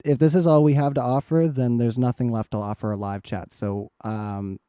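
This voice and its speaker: Mellow-voiced man moderating a livestream. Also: mid-range voice, fairly even intonation, moderate pace, smooth, no room sound, studio quality. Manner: firm, reading viewer questions aloud. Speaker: debate moderator.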